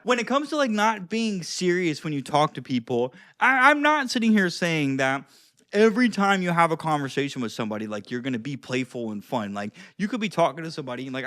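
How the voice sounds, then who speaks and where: A young man gives social advice straight to the camera, his voice sitting a little higher than most men's. He talks loosely and keeps saying "like", restarting his sentences as he goes. He gets loud on some points and drops to a low mutter on others. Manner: loose and slangy, full of "like" and restarts; swings between loud and quiet, low-key asides. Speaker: social skills coach. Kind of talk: casual talking-to-camera advice.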